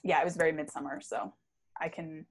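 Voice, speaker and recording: A woman's voice: deep voice, steady tone, brisk. A woman co-hosting a podcast in casual chat, chatty and full of fillers. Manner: chatty, uses many fillers, laughs easily. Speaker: podcast co-host.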